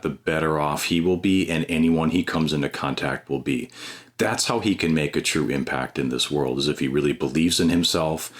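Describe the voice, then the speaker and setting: A man, a guest on a podcast who is a stay-at-home dad and former teacher, telling personal stories in an earnest, animated way with frequent restarts. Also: extremely low pitch. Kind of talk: personal storytelling in an interview.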